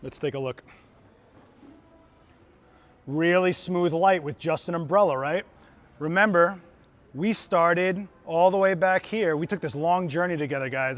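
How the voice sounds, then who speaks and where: A man who is a photographer demonstrates gear live on a trade show floor in a casual, enthusiastic, chatty teaching style. His voice is a little high and unhurried, with long pauses.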